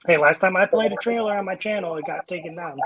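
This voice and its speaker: A man joining a casual sports podcast livestream, trading quick jokes with the host. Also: high-pitched, a crowd in the background. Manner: quick, joking banter. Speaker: podcast guest.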